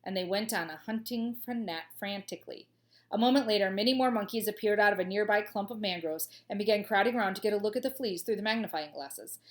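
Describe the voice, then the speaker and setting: A woman teacher reading a children's storybook aloud with clear, expressive storytelling and playful asides. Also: mid-range voice, fast.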